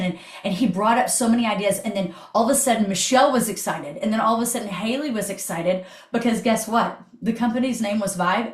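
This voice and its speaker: Woman host, upbeat motivational call, chatty and peppy, swears casually, echoey room on a video call. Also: medium pitch.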